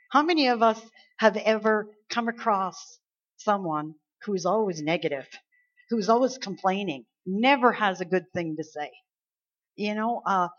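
A woman pastor from Canada preaching a sermon, emphatic and full of rhetorical questions. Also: medium pitch. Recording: slightly dull lo-fi sound.

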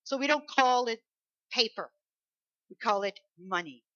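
A woman's voice: a little high, lively intonation, unhurried, sharp tone, dry recording. A woman preacher giving a sermon, talking emphatically and conversationally and asking the congregation rhetorical questions. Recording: dull lo-fi recording.

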